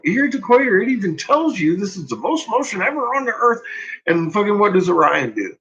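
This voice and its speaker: Sitting high in pitch, a bit bright, this man's voice carries a casual, exasperated rant packed with swearing. He chuckles at his own points, and the recording sounds dull and lo-fi.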